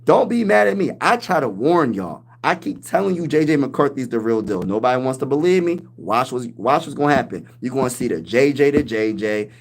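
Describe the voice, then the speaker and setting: A man hosting a casual sports livestream, hyping his team with loud trash talk and reading viewers' comments aloud. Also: medium pitch, animated, fairly quick, few pauses. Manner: hyped trash talk, reads chat aloud. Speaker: livestream host.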